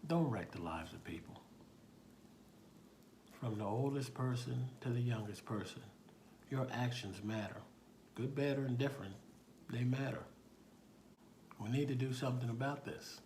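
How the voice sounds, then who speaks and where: A police officer giving an emphatic, plain-spoken motivational talk in a colloquial manner. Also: male voice, mid-range voice, steady tone, moderate pace, long pauses, darkish tone, a little hiss or hum. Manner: emphatic, colloquial, preachy, acts out dialogue. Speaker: police officer telling a story.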